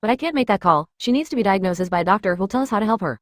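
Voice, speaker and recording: Woman doing a young male ship's cook, grumpy and devoted, firm and fussy, quick delivery, dry close sound. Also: medium pitch, animated, no room sound, lightly acted.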